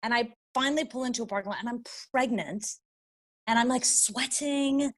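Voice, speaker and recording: A woman in her thirties from Canada, a guest actor telling a story in a casual interview and acting out quotes with big jumps in pitch. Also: moderate pace.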